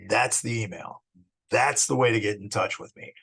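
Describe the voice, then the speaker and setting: A man's voice: fairly low pitch, moderate pace, vocal fry, fairly bright tone, husky. A middle-aged man, talking through a psychology course introduction in a casual, digressive way, restarting his phrases often. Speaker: psychology teacher.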